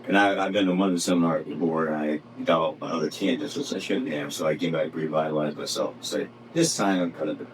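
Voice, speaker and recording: A man's voice: extremely low pitch, fairly even intonation, quick pace, hardly any pauses, recorded from a distance, background noise. A man introducing himself at a seminar in an eager, rambling way. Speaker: seminar attendee. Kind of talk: self-introduction.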